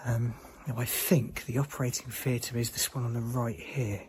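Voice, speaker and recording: A man's voice: mid-range voice, fairly even intonation, moderate pace, darkish tone, slight background noise. A man exploring an abandoned hospital alone at night, often whispering, frightened and swearing when scared. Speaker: urban explorer. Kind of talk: solo night exploration vlog.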